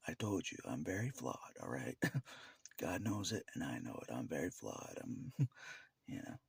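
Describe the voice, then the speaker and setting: A man talking casually to the camera in a rambling way, laughing often between phrases, in a gravelly, husky half-whisper. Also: very deep voice, no echo. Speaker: vlogger.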